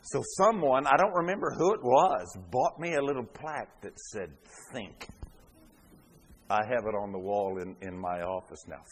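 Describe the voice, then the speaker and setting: A man pastor preaching a sermon, swelling to loud fervent peaks and dropping back quiet. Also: medium pitch, normal speed, husky.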